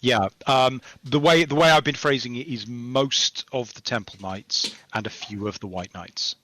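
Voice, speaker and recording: A man talking as a game developer guest on a podcast, rambling and hesitant, then animated when telling stories. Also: medium pitch, moderate pace, slight background noise. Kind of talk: casual podcast chat.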